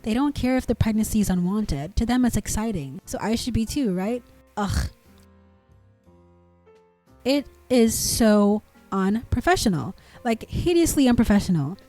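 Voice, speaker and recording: A woman narrator reading forum comments aloud in an indignant, expressive way. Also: medium pitch. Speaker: narrator reading online posts.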